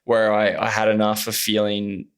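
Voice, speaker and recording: A man's voice: fairly low pitch, completely flat delivery, moderate pace, smooth. A man, an actor speaking as a podcast guest, talking earnestly and openly in casual conversation with plenty of fillers. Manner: earnest and open, many fillers.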